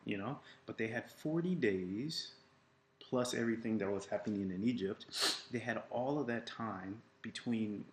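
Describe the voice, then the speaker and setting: Casual male faith coach, lowish voice, roomy echo, faint hum behind. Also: normal speed. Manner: casual, retells scripture with quoted voices; many fillers and restarts. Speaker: life coach. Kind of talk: informal faith teaching. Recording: echoey room with faint ambience.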